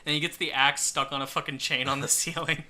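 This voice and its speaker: A man's voice: on the high side, flat delivery, a little fast, sharp tone. A man co-hosting a podcast, casually recapping a movie, swearing, laughing and acting out the characters' lines. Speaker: podcast co-host.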